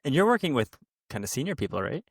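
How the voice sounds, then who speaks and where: Man, podcast host, lively pitch, slangy laid-back questions, dry sound. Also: fast talker, no echo. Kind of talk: casual chat.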